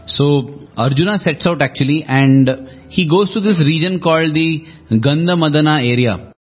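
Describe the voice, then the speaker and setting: Husky higher-voiced man, lo-fi. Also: moderate pace, soft background music. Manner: reflective, explanatory storytelling. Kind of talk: spiritual discussion. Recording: dull lo-fi recording.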